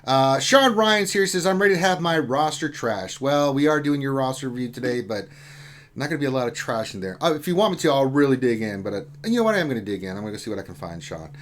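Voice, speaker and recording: A man with a sing-song, mid-range voice talks fast while hosting a lunchtime gaming live stream. Joking and full of banter, he reads out viewer comments in a casual chat.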